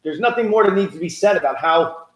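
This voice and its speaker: A man's voice: sits high, fast. A man co-hosting a podcast in casual political chat, telling stories and building into emphatic rants. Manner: animated storyteller, rising emphatic rants. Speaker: podcast co-host. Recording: roomy echo.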